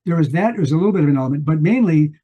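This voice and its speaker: A man's voice: fairly high pitch, animated, rapid-fire, breathy edge, muffled recording. An older man co-hosting a book podcast, retelling a story in a rambling way with many restarts. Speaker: podcast co-host. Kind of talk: casual book discussion.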